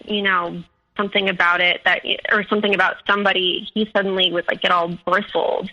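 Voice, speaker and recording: A young woman telling her own story as a guest, halting, with many fillers and restarts. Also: medium pitch, gravelly, pushed and bright, lo-fi sound. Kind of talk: personal storytelling.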